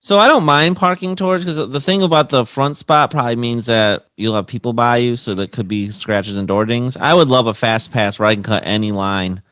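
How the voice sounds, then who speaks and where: Podcast co-host, male, mid-pitched, chatty talker, dry close mic. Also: steady tone, a little fast, few pauses, a bit bright, dry recording. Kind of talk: casual banter.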